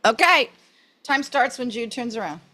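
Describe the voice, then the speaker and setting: Bubbly high-voiced woman hosting a game. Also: expressive, normal speed. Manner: bubbly, cheers loudly. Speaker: game host. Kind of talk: virtual party game hosting.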